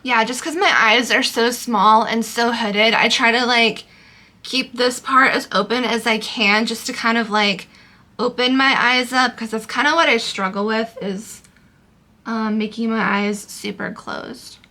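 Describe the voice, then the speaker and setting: A young woman talks her way through a makeup routine in a relaxed, rambling way, full of little fillers. Her voice sits a bit high and sounds bright and forward. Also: a little slow. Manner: chatty, loose, many fillers like "um" and "like". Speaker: beauty vlogger. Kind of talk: casual makeup tutorial chat.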